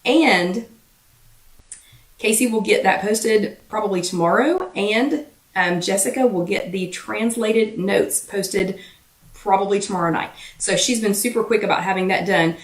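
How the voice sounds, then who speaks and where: Fast-talking Southern woman hosting a chat. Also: mid-range voice, echoey room, far from the mic. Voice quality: slightly irritated voice. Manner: fast-talking, chatty, greets many viewers by name. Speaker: host of a live weight-loss chat. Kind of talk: casual livestream chat greeting viewers.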